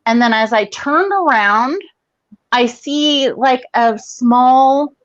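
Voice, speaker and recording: A woman in her forties with a fairly high voice tells a rambling, profane story. The sound is dull and lo-fi, close and dry. She talks casually and animatedly over a video call. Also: takes it slowly, no echo. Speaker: guest comedian.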